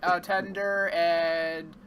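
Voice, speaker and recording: A player in a tabletop game, speaking in a relaxed, joking way. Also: mid-range voice, drawn-out words, a crowd in the background, low-quality recording.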